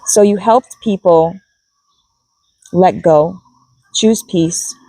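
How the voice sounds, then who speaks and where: Husky woman doing a spiritual card reading. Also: on the low side, warm tone, no room sound, low-quality recording. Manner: musing, thinks aloud, repeats key words. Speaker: tarot and oracle card reader.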